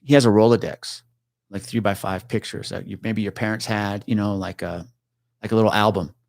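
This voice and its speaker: This middle-aged retired police officer has a gravelly voice on the low side and talks fairly quickly, casually telling a tense story in an interview. He's animated and swears while acting out the voices of the people involved, in a dry, studio-quality recording.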